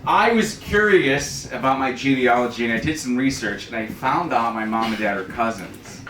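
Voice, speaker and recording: A young man doing a stand-up set, self-deprecating with dark jokes and loud shouted punchlines. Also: medium pitch, moderate pace, far from the mic, slight background noise. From New York City. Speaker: stand-up comedian. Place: comedy club stage, live crowd. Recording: roomy live club audio with crowd laughter.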